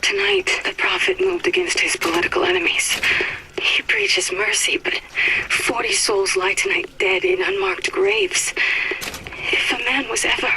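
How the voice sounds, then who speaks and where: A grieving first lady recording a confession in a game. Her voice sits high and moves widely, dropping into hushed half-whispers. The audio is noisy. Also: heavily acted. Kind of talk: recorded diary monologue in a game.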